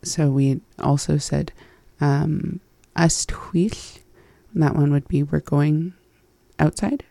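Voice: medium pitch, steady tone, slow pace, gravelly, dark tone, no room sound. A learner reviewing phrases from a language lesson, hesitant and laughing at their own slips.

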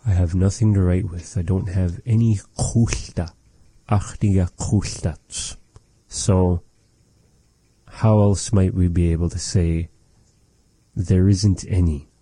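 A man with a low, very dark and mellow voice leads a relaxed language lesson. He speaks slowly and patiently, repeating each phrase carefully, with a dry, close sound. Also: breathy edge. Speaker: language teacher.

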